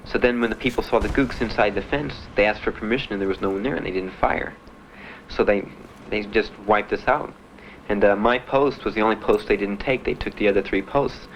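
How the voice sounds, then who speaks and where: A man's voice: fairly low pitch, fairly quick, highs cut off, slight background noise. A young American man from Miami, a veteran bluntly and matter-of-factly telling his own story with dry laughs. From United States (Miami). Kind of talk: candid spoken testimony.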